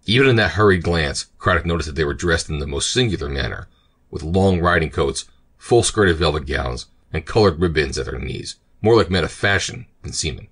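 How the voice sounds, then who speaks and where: A man narrating an audiobook in a steady, measured way. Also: extremely low pitch, husky.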